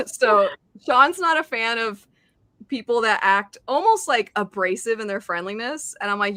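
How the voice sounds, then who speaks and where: A woman's voice: on the high side, lively intonation, unhurried, pushed and bright, no echo. A woman hosting a reading stream in casual chat, reading out chat messages and laughing often. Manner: chatty, reads chat aloud, laughs often.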